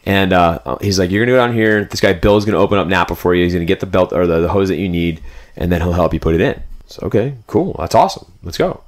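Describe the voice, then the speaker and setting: Fast-talking deep-voiced young man. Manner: rambling, animated, fillers like "like" and "dude". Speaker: podcast guest telling a road trip story. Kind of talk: casual storytelling chat.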